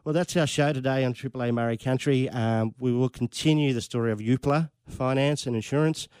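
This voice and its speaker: Measured Australian man hosting a radio interview. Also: mid-range voice, a little mellow, clear, resonant tone, dry recording. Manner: measured, supportive, with frequent ums. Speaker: radio host. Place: radio studio.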